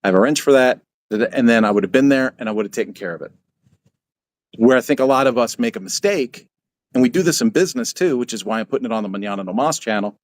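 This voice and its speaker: Brief: older male host, mid-pitched, folksy storyteller who repeats his points. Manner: folksy, repetitive, quotes himself in asides. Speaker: channel host. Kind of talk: casual spoken advice.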